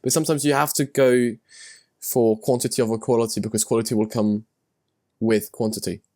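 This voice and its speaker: A man's voice: medium pitch, level tone, fairly quick, dark tone. A man hosting a podcast, talking loosely, with hesitant fillers and the odd curse word. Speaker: podcast host. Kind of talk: casual podcast conversation.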